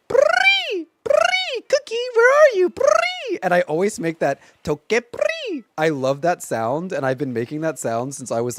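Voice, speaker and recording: A man's voice: mid-range voice, a little mellow, no room sound. A man in his thirties chatting casually on a live stream from home, rambling along with lots of filler words.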